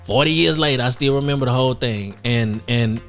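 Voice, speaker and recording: A man's voice: mid-range voice, brisk, a bit bright, faint music behind. A man in his fifties, co-hosting a podcast in casual chat, telling self-mocking stories with frequent laughs. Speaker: podcast co-host.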